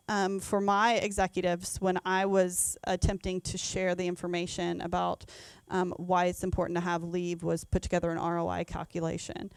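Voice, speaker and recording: Woman in her 30s presenting to hr folks, lots of ums, smooth clear voice, dry close sound. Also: mid-range voice, no echo. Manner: frequent ums and self-corrections. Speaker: HR leader giving a conference talk. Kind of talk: conference presentation. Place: event venue.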